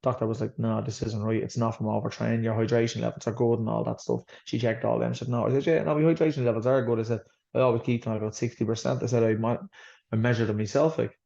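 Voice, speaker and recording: Here an Irish boxer, interviewed as a guest, rambles through his story with blunt talk and free swearing. He's a fast talker with a mid-range, gravelly, mellow voice that barely moves in pitch, and the audio is slightly dull lo-fi.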